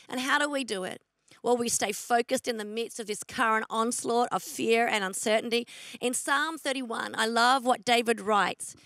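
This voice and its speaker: A woman's voice: on the high side, a bit bright, no echo. A woman pastor with an Australian accent giving an online sermon, earnest and emphatic, often repeating her questions.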